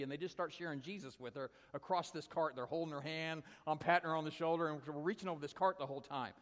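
A man preaching as a storytelling speaker, animated and acting out the dialogue, with frequent restarts. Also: on the high side, fast, few pauses, in a large hall. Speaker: guest teacher at a youth event. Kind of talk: storytelling sermon.

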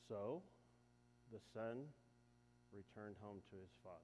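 A man preaching, retelling a story in a lively, joking way and talking to the audience. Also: fairly low pitch, measured pace, long pauses. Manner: lively, jokey, talks to the audience. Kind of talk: sermon storytelling. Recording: echoey hall.

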